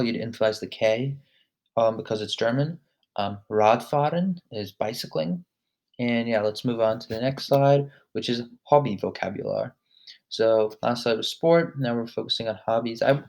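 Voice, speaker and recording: A man walks through vocabulary in a loose, unscripted way. He drops frequent "um"s and says each new word slowly before repeating it. His voice sits at an ordinary middle pitch. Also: a little mellow. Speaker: language lesson host. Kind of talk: casual vocabulary lesson.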